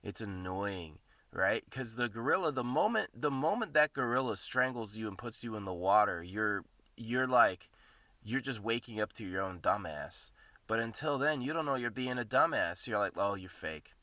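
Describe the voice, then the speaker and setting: A man's voice: medium pitch, lively intonation, normal speed, pushed and bright, dry recording. A man ranting in a casual monologue as the host of his own podcast, swearing often, rambling and repeating himself.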